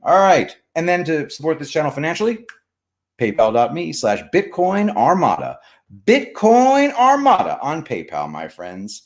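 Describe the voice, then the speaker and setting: Hosting a live stream, a man chats casually, reads out viewer comments and plugs sponsors. He's animated and joking, loud one moment and mumbling the next, with a fairly high pitch and a measured pace.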